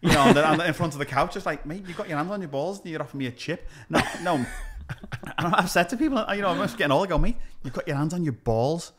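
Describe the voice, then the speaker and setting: A comedian from Liverpool, England, with a Scouse accent chats casually on a podcast in a fairly high, rapid-fire voice. He tells stories with animation, acting out the exchanges.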